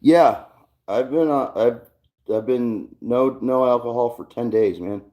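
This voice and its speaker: A man's voice: mid-range voice, a little slow, dark tone. A man hosting a casual livestream from his garage, talking in a rambling, laid-back way and swearing often. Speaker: livestream host.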